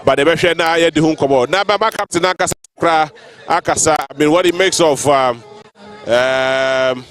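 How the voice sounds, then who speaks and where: Halting man at a festival. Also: on the high side, a bit bright, soft background music. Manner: halting, many fillers. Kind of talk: public remarks mixing English and Twi. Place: outdoor festival grounds.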